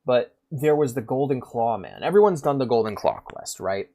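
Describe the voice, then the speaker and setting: Animated, swearing male game streamer. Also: medium pitch, normal speed. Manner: animated, rambling and profane, acts out game characters. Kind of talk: casual gaming commentary.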